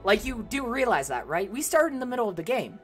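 A young woman streaming a game live, animated and laughing as she banters with her chat and an AI companion. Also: fairly high pitch, quick pace, soft background music.

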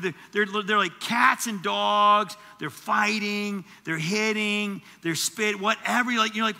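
A man preaching a sermon as teaching pastor, animated and conversational, with asides to the congregation. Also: high-pitched, a little fast, gravelly, hardly any pauses, in a large hall. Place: church auditorium.

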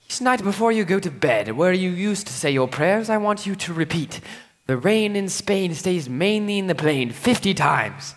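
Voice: medium pitch, lively intonation, normal speed, hardly any pauses, natural voice. A fussy, exasperated male professor, played by a performer in a school stage musical. His lecturing voice swoops up and down as he drills his pupil over and over. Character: Professor Higgins, a fussy, impatient male phonetics professor. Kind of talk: live stage musical acting.

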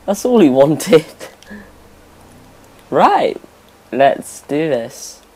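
A man's voice: a little high, big pitch swings, very slow, warm tone, slightly rough. A young man giving rambling, self-correcting let's play commentary over his gameplay as a gaming YouTuber.

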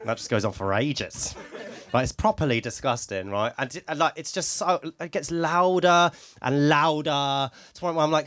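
A man's voice: fairly high pitch, normal speed, a bit bright, a little hiss or hum. A man doing a rambling stand-up routine in front of a small live audience, with lots of "right?" tags and laughing asides. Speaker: stand-up comedian.

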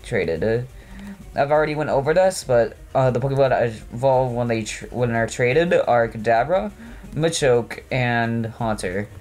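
A man's voice: medium pitch, a little slow, darkish tone. A man giving casual commentary over a video game, rambling and poking fun at himself, with lots of "uh" and "like". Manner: rambling, self-mocking, full of fillers. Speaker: let's play host. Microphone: no webcam, voice recorded over gameplay.

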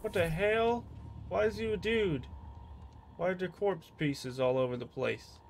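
Jumpy high-voiced gaming streamer man. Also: unhurried, creaky, slight background noise. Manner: jumpy, excitable, swearing, shouting at the game. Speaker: streamer playing a horror game. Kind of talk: gameplay commentary.

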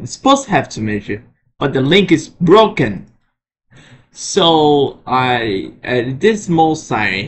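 A man presenting his alarm sirens in a casual show-and-tell vlog, often halting and restarting his sentences. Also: medium pitch, a little hiss or hum. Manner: halting, frequent restarts and repeated words. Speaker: vlogger showing alarm sirens.

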